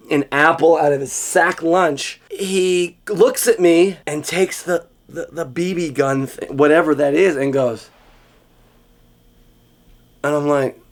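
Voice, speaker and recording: A man telling a childhood story in a casual, profane way, acting out scenes with sudden shouts and hushed asides. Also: fairly high pitch, slow pace.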